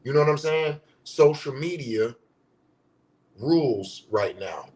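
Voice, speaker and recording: A man's voice: on the high side, lively intonation, takes it slowly, darkish tone. Blunt, profane man ranting. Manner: blunt, profane, mocking voices of commenters; repetitive, rhetorical questions. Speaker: social media commentator. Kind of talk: casual vlog rant.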